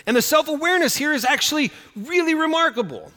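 A man's voice: very high voice, lively intonation, quick pace, sharp tone. A man preaching a Bible sermon in a conversational teaching manner, often checking in with "right?". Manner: conversational, tags points with "right?". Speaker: pastor. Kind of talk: expository sermon. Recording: long hall reverb.

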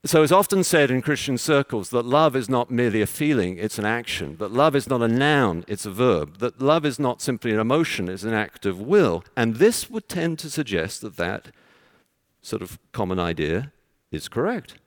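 A man's voice: mid-range voice, sing-song, normal speed, no echo, studio quality. A man preaching an expository sermon, explaining his points in a teacherly way with everyday examples.

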